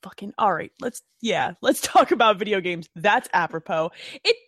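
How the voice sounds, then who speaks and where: A woman co-hosting a casual podcast chat, animated and profane, laughing often. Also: medium pitch, normal speed, dry recording, studio quality. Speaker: podcast co-host.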